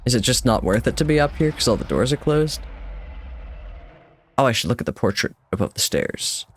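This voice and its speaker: A man's voice: medium pitch, very animated, fairly quick, husky. A man streaming a game with casual, chatty commentary, wry and self-deprecating, swearing now and then.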